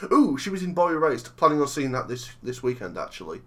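A man's voice: fairly high pitch, sing-song, moderate pace, a bit bright. A tired man in his thirties co-hosting a casual film-review podcast, rambling and teasing his co-host and laughing often. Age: 30s.

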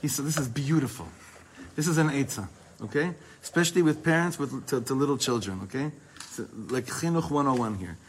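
Emphatic rabbi teaching a class. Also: male voice, mid-range voice, quick pace, slight background noise. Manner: emphatic, mixes Hebrew terms into English speech. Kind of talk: lively Torah class.

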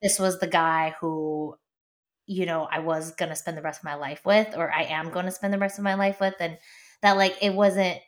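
A young woman in casual chat, supportive and warm-hearted toward her friend. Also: fairly low pitch, steady tone, moderate pace. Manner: supportive, frequent backchannels.

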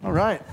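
A man preaching, his voice sitting a little high for a man. He shifts between loud, excited reading and hushed, intimate appeals, with joking asides along the way. Soft music plays underneath. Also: vocal fry. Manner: playful asides with laughter. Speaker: pastor. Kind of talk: sermon.

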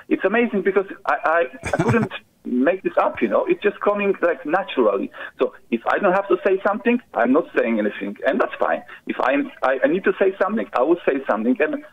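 A man from Poland with a Polish accent, calling in to a show and speaking haltingly, full of "you know". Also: fairly high pitch, sing-song, breathy edge. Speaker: caller. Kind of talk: casual call-in chat. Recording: muffled phone call-in line.

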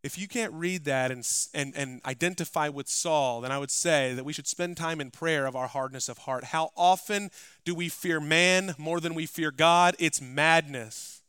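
A male pastor delivers a sermon in a bright, crisp, fairly high voice, recorded dry and close. He drops into quiet, conversational asides, then rises into loud, emphatic readings. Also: normal speed, no echo. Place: church.

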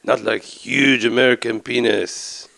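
Cartoon Japanese man with a mock Japanese accent, boastful, high and slow, put on by a man. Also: fairly even intonation, gravelly, pushed and bright, no echo, exaggerated voice. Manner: slow, high, sing-song delivery.

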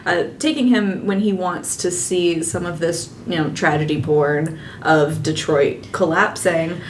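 A woman's voice: fairly low pitch, a little slow, slight background noise. A woman co-hosting a casual book podcast, who talks enthusiastically and emphatically. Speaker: podcast co-host.

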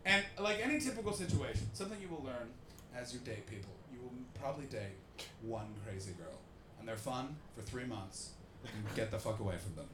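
A comedian telling jokey stories to a live audience and acting out the people in them. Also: male voice, mid-range voice, fairly quick, reverberant, background noise. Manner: animated, jokey, acts out the people in his stories. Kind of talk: live podcast storytelling with an audience.

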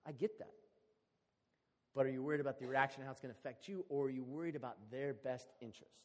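A man preaching a sermon in a relaxed, conversational, storytelling way. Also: mid-range voice, fast. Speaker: pastor. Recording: long hall reverb.

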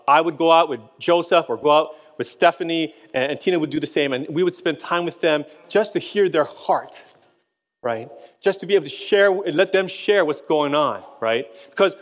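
A man's voice: fairly high pitch, big-room sound. A middle-aged man preaching a sermon, telling stories and chuckling between points. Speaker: pastor.

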